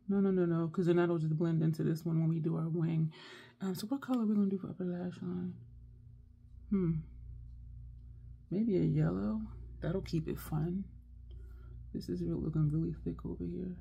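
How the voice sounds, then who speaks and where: A woman's voice: fairly low pitch, gravelly, breathy edge, muffled recording. A woman doing a casual makeup tutorial, chatting and thinking aloud as she works. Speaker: makeup vlogger.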